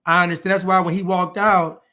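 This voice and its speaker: A man's voice: high voice, level tone, a little fast, pushed and bright. A man giving preachy reaction commentary, lecturing about men and women.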